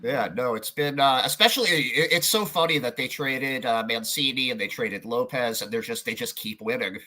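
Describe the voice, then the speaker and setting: Bright-voiced chatty podcast host man. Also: medium pitch, moderate pace. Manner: chatty, filler-heavy, trailing restarts. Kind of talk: casual interview chat.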